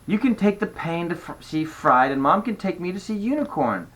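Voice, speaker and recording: A man's voice: high voice, big pitch swings, moderate pace, a bit bright, pitched above the performer's own voice. An older man reading aloud and voicing a clever, bossy young girl in a storybook. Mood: arguing.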